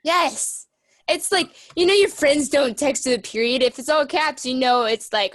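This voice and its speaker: A woman's voice: high voice, normal speed, a bit bright. Chatty young-sounding woman student. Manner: chatty, full of "like" and quoted reactions. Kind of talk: casual classroom chat. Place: classroom.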